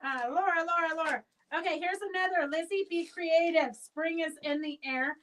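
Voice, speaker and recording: A woman's voice: extremely high pitch, moderate pace, fairly bright tone, distant mic, a little hiss or hum, poor audio. A woman who owns a fabric shop hosts a live sale stream, chatting in a rambling way and calling out auction winners by name.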